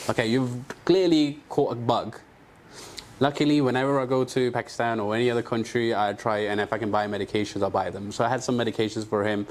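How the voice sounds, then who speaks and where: A man's voice: medium pitch, fast. A man, a clinic doctor, telling stories in a casual interview, acting out dialogue with plenty of fillers. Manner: animated anecdotes with quoted dialogue and fillers. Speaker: aesthetic doctor, clinic co-founder.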